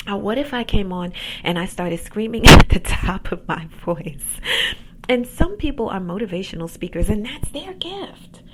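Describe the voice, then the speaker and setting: A woman hosting a podcast, giving a calm, soft-spoken motivational pep talk about faith and gifts as a coach. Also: mid-range voice, moderate pace, heavy background noise. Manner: faith-based encouragement. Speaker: podcast host and accountability coach.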